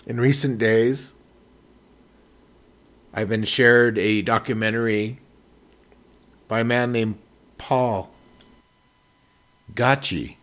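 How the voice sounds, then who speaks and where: A man preaching with fervent conviction, his voice climbing to loud declarations and then dropping to near-hushed asides. He repeats phrases for emphasis and addresses the listeners directly, with a pitch that sits in the ordinary middle range. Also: steady tone, slow pace, long pauses. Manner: impassioned, repetitive, swings between loud and hushed. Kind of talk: sermon.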